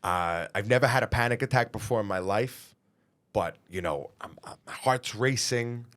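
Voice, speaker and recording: A man, a singer being interviewed, telling his story in a lively way, swearing freely and acting out what people said. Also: lowish voice, moderate pace. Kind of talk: animated storytelling.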